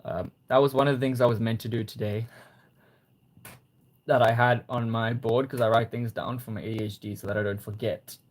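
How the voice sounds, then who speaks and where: A young man hosting a casual livestream, reading viewer comments and gently encouraging them. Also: mid-range voice, steady tone, fairly quick. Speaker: livestream host.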